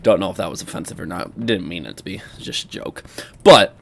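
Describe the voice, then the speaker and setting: A man's voice: sits low, fairly quick, vocal fry, a little hiss or hum. A young man hosting a reaction commentary, talking casually, exclaiming and joking with his viewers. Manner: animated, exclaiming, sarcastic asides. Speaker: commentary host.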